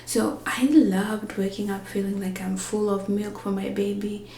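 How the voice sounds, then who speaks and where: A woman's voice: mid-range voice, steady tone, measured pace, dark tone, roomy sound, slight background noise. A woman vlogging in a rambling, chatty way, often dropping to a whisper so she won't wake a napping baby. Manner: rambling, chatty, with many fillers. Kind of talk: casual vlog.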